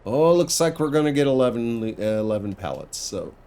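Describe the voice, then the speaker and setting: Chuckling now and then, a let's play gamer gives relaxed commentary on his farming game, thinking out loud. His mid-range voice is fairly quick with lively intonation.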